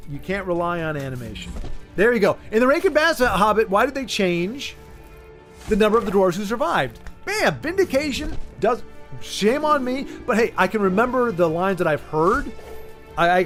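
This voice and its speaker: A man hosting a casual livestream chat, ranting in an animated way and often cutting himself off mid-sentence. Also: high-pitched. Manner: animated, ranting, self-interrupting. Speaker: streamer host.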